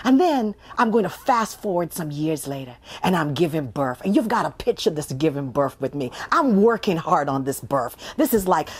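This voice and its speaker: Animated woman storyteller. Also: low voice, normal speed, few pauses, breathy edge. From Canada. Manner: lively, animated telling with acted-out voices. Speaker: storyteller and author. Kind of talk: oral storytelling.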